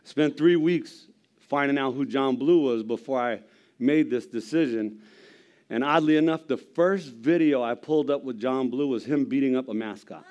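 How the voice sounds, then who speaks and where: A gruff middle-aged man stands before a church congregation, telling his testimony like a story. He mixes jokes with earnest conviction, his voice sitting at an ordinary pitch. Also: moderate pace, a little mellow, muffled recording. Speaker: lay preacher giving testimony. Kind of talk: sermon testimony.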